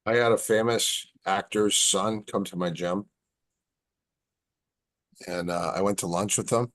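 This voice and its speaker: A man's voice: lowish voice, measured pace. A man in casual podcast chat, telling stories and acting out the dialogue. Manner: relaxed storyteller, acts out quoted dialogue. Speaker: podcast guest.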